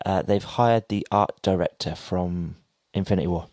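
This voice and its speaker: A man's voice: sits low, normal speed, a little mellow, no room sound. A man co-hosting a podcast, chatting casually and jokingly as he reads entertainment news from his notes. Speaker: podcast co-host. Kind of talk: casual chat.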